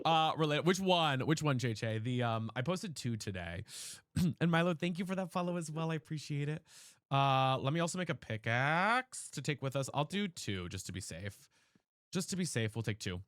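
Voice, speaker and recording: Brief: male game streamer, bright and animated delivery, sassy and dramatic, faint hiss behind. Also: on the high side, no room sound, studio quality. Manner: sassy, dramatic, chatty with chat. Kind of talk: live gameplay streaming with chat.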